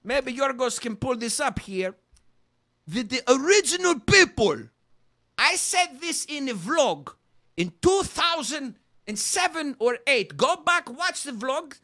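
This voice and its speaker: A man playing a loud, boastful, middle-aged Greek immigrant dad with a Greek accent and broken English, ranting as a comedy podcast host. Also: very high voice, very animated, moderate pace, no room sound, studio quality, exaggerated voice. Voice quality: brash, shouty, broken English. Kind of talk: comedic character monologue.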